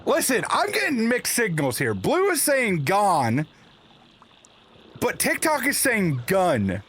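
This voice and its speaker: A man hosting a live gaming stream, chatting casually with viewers and laughing at himself in a playful, animated way. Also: high-pitched, slow, a little hiss or hum. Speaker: livestream host. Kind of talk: casual chat while gaming.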